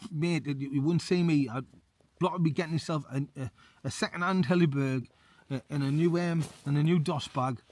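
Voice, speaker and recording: A man's voice: a little high, normal speed, pauses often, a little mellow. A man, an ex-soldier and outdoor vlogger, reads a folk tale aloud at a winter wild camp with matey commentary. He is cold. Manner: matey, says mate a lot.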